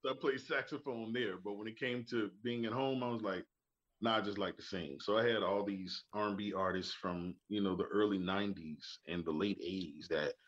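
A man in his forties with a Southern US accent, telling lively stories as a podcast guest and mimicking other people's voices. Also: on the low side, fairly quick, hardly any pauses. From Birmingham, Alabama. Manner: animated storyteller, mimics voices. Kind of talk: casual interview chat. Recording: dull lo-fi audio.

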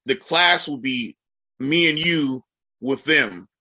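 A man's voice: mid-range voice, expressive, slow, pushed and bright, no room sound. A man, an educator, telling a story in casual podcast chat with a slightly nasal, congested sound, rambling and full of fillers.

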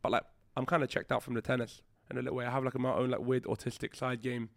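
A man's voice: medium pitch, fast, gravelly, dry recording. A man telling a story on a podcast in casual chat, swearing freely and acting out the other people's lines. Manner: animated storyteller who acts out quoted dialogue. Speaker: podcast host.

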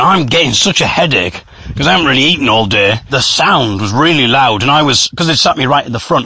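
A man telling a story about a comedy night, acting out the crowd's shouts. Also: medium pitch, a little hiss or hum. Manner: animated, acts out crowd shouts. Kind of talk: storytelling vlog.

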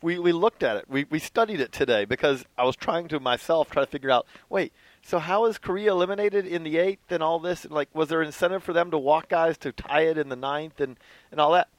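A man's voice: on the high side, a little fast, no echo, rough recording. A man co-hosting a casual baseball chat, explaining things in a conversational way. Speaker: baseball podcast co-host.

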